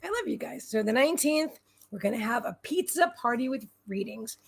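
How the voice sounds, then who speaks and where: A woman's voice: fairly high pitch, animated, a little fast, gravelly. A woman hosting a casual livestream from home, rambling and bubbly as she answers viewers' comments aloud. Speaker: livestream host and psychic reader.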